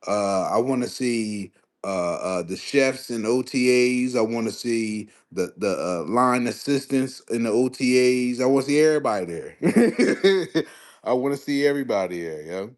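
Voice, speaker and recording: A young man hosting a casual live stream, talking sports in a slangy, animated way and answering his chat. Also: mid-range voice, normal speed. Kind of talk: casual livestream sports commentary.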